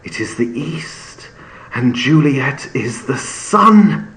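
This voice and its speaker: A man reading the part of Romeo, a lovestruck and hyperbolic young man, declaiming the verse slowly. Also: mid-range voice, lively intonation, heavy background noise, pitched above the performer's own voice. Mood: tender. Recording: echoey room with faint ambience.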